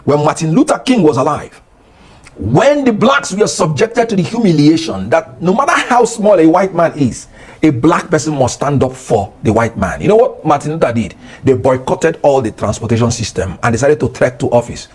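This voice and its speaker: A middle-aged Nigerian man speaking with an accent as a guest on a political talk show, passionate and rising toward shouting. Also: a little high, big pitch swings, moderate pace, breathy edge. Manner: impassioned, rising to near shouting.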